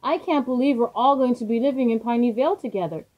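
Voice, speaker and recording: A woman voicing a kind, lively girl locomotive in a children's storybook. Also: fairly high pitch, quick pace, highs cut off, pitched above the performer's own voice, lightly acted. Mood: warm. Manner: comforting, excited.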